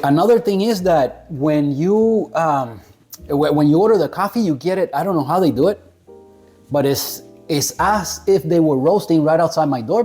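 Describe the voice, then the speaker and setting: A relaxed man chats to his viewers about a coffee he is tasting. His voice is mellow and rather dark, and he laughs easily and trips over names he does not know. Faint music plays underneath. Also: fairly high pitch. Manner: laid-back, chuckling, stumbles over names. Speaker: coffee reviewer. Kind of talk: casual talk to camera.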